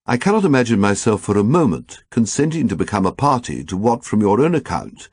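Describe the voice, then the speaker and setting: A man's voice: a little high, wildly swooping pitch, normal speed, creaky, darkish tone, husky, dry recording, heavily acted. A man voicing a prim young man who speaks in a stiff, oddly precise and formal way. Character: Teddy Weeks, a prim young man with odd precise speech.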